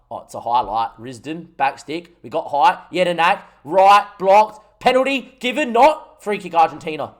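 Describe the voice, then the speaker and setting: A young Australian man streaming a football management game, commentating the match live and getting excited at goals while talking to his chat. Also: on the high side. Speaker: gaming streamer.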